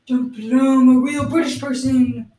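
A woman co-hosting an improvised comedy podcast, giving halting, matter-of-fact explanations. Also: sits high, fairly even intonation, dark tone. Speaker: podcast co-host. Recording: roomy, distant mic.

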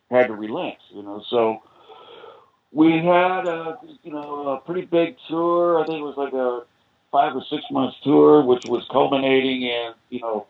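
An older American man with a creaky, mid-range voice rambles through extended stories as a podcast's guest musician, often saying "you know." The recording sounds thin and phone-like.

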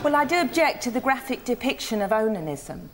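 A prim, earnest Christian complainer. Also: female voice, a little high, big pitch swings, brisk, heavy background noise. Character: prim Christian woman objecting to TV filth. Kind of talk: 1990s TV sitcom acting. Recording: TV studio with audience laughter.

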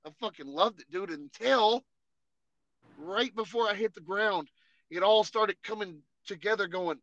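A man with a high, bright and sharp voice spins animated, swear-filled stories on a podcast, laughing through them. His talk is lively and loose. The recording is dry and close, with no room sound. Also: measured pace, no room sound, poor audio. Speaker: podcast co-host. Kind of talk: casual storytelling chat.

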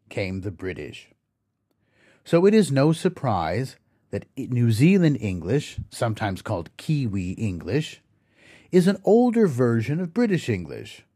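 A man narrates a language lesson for his podcast, his pitch moving in a lively, animated way. He speaks slowly and deliberately, spelling out words letter by letter. The recording is dry and close, with no room sound. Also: no echo. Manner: slow, careful explaining, spelling words out letter by letter. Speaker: podcast host. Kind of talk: scripted educational narration.

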